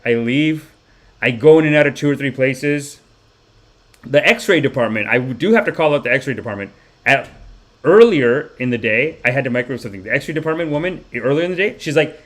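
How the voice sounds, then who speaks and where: Animated, rambling comic man. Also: mid-range voice, fairly quick. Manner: rambling and animated, swears freely, acts out the people in his stories. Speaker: comedy podcast host. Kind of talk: rambling comic monologue on a live stream.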